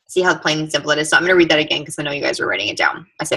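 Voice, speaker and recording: A young woman talks new team members through their first steps in a casual, earnest coaching tone, scattering filler words as she goes. Her voice sits a little low but sounds bright and forward, with a breathy edge. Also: expressive, rapid-fire, few pauses, low-quality recording. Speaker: team leader training new distributors. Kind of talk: casual training talk to camera.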